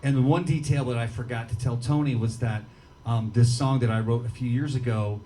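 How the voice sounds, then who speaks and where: A man's voice: mid-range voice, steady tone, a little fast, warm tone, a little hiss or hum. Chatty Midwestern man on a bar stage. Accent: American Midwestern. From American Midwest. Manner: chatty, self-deprecating, joking with the crowd. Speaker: singer-songwriter on stage. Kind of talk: rambling on-stage banter between songs. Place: small bar, live gig. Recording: live PA from a distance, guitar playing.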